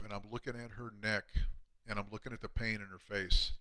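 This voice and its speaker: A man, a chiropractor, telling emotional patient stories on a live stream, earnest and often dropping to a hushed voice. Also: fairly low pitch, flat delivery, brisk. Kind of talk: heartfelt storytelling on a live stream.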